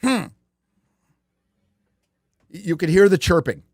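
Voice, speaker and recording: A man's voice: mid-range voice, expressive, normal speed, no echo, studio quality. A man hosting a casual live-stream chat, rambling and profane, with lots of fillers and restarts. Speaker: podcast host.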